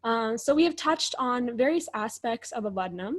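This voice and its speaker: A woman with a fairly high voice, moderating a panel discussion. Her speech is reflective and a little hesitant, with fillers between her thoughts. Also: expressive, normal speed.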